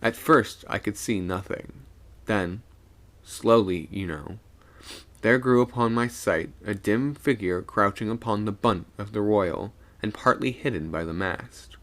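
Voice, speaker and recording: A man reading a spooky sea story aloud on a live stream, animated, with small stumbles and self-corrections. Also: lowish voice, a little slow.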